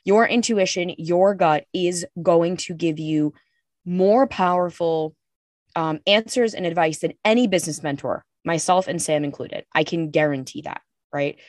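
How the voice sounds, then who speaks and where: A woman's voice: lowish voice, unhurried, darkish tone, dry recording, studio quality. Candid, emphatic young woman on a podcast. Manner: candid and emphatic, swears freely. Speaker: podcast co-host. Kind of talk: casual podcast chat.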